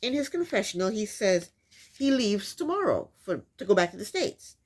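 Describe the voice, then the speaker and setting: A woman's voice: mid-range voice, very animated, normal speed. A woman host recapping a reality TV episode in casual commentary, incredulous and repeating her points for emphasis.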